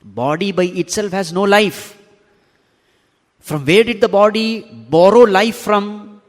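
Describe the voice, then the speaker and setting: Emphatic swami in a reverberant hall. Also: male voice, high-pitched, takes it slowly. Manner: rhetorical questions to the audience, emphatic repetition. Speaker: swami teaching scripture. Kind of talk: spiritual discourse.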